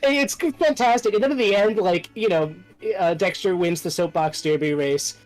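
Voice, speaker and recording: A man's voice: high-pitched, moderate pace, hardly any pauses, faint music behind, rough recording. A man co-hosting a casual podcast while playing a game, laughing often as he tells stories. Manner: laughs often, lively storytelling. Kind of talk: casual chat over gameplay.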